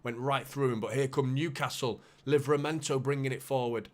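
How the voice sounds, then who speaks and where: A man hosting a live football watchalong, calling the play with bursts of excitement and muttered asides. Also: medium pitch, a little fast. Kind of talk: live match commentary for a fan watchalong.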